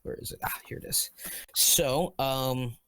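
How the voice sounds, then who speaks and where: A man at an unhurried pace acts as game master for a tabletop game. He searches aloud and fills pauses with ums and restarts. His voice is close and dry, with no room sound around it. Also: medium pitch, a bit bright, smooth, dry recording. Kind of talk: running a tabletop game over voice chat.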